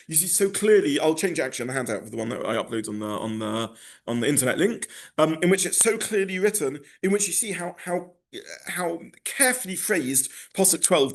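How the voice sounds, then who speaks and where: A man leads a text class in a lecture style, his voice sitting somewhat high and swinging through a wide, animated range. He stops often for asides, restarts and corrections as he explains. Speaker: rabbi teaching a text class.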